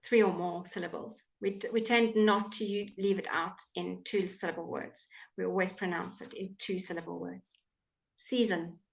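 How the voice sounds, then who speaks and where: A woman's voice: fairly low pitch, fairly even intonation, vocal fry. A woman teaching English pronunciation in a live online class, patiently repeating each word for her students to copy. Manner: slow, patient, repeats words for drilling. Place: home. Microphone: computer mic on a live stream.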